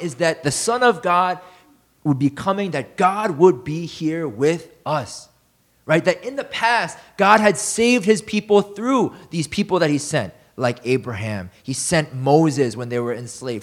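A man preaching a sermon as a pastor, in a conversational way, often asking the listeners questions. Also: a little high.

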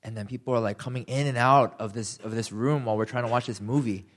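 A young man preaching a sermon, animated and self-deprecating, acting out quotes with sudden jumps in pitch. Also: fast. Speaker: pastor.

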